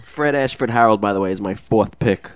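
A man's voice: lowish voice, a little fast, clear, resonant tone. A young man co-hosting a podcast, joking around and laughing through his lines. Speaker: podcast co-host. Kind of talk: casual chat.

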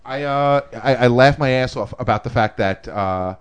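A young man co-hosting a podcast, talking in a rambling, excitable way and laughing often. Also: medium pitch, normal speed, smooth. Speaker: podcast co-host. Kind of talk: casual chat.

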